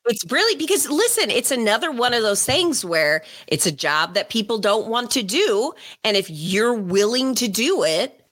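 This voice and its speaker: A woman's voice: on the high side, very animated, normal speed, few pauses, fairly bright tone. A woman co-hosting a radio show, teasing and blunt in casual chat. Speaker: radio co-host.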